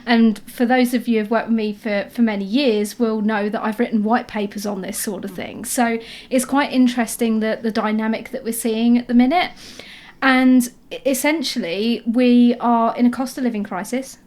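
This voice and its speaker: A woman talks through HR advice in a frank, chatty way. Her voice sits on the higher side, and she speaks straight to her listeners like a co-host. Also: fairly even intonation, normal speed, darkish tone. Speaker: HR adviser and podcast co-host. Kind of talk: casual advisory chat.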